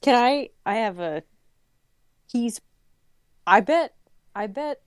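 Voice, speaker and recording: A woman's voice: on the high side, animated, slow, clean tone, no room sound, clean studio sound. A young woman co-hosting a casual podcast, talking through her views with a lot of restarts and fillers. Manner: hesitant, stops and restarts while giving her opinions. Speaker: podcast co-host. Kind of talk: casual chat.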